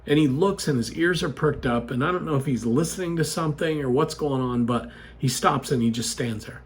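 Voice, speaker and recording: A man with a slightly raised voice telling a personal story straight to the listener. He talks casually and chattily, with an animated, conversational way of retelling events and frequent asides to his audience. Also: a little high, brisk.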